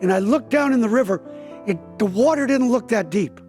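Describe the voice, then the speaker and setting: An extremely high-pitched, slightly mellow voice with lively intonation moves a little fast over soft background music. It belongs to a pastor in his seventies, interviewed as he tells a dramatic story and acts out the characters' lines in a raised voice.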